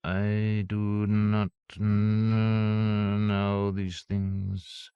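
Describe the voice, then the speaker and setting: A man doing a slow, croaking broken robot. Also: fairly low pitch, no echo, highs cut off. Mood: resigned. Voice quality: harsh croak. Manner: very slow, halting, flat. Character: old abandoned feminine robot, broken-down. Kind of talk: audiobook character voice.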